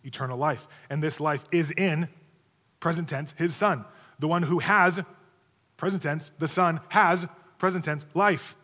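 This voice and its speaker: A man's voice: on the high side, a bit bright. A man preaching a sermon, teaching emphatically, repeating key words and checking in with his listeners. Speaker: pastor. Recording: long hall reverb.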